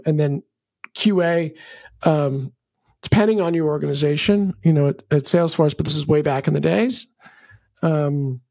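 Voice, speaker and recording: A middle-aged man, a podcast guest, giving animated conversational advice with lots of ums and a rambling, energetic way of storytelling. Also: a little high, gravelly, no echo, clean studio sound. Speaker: podcast guest, venture capitalist.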